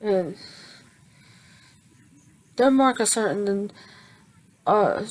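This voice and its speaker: A woman telling a fan-made story in her own words, halting and restarting often with many fillers. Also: medium pitch, low-quality recording. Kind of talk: improvised fan fiction narration.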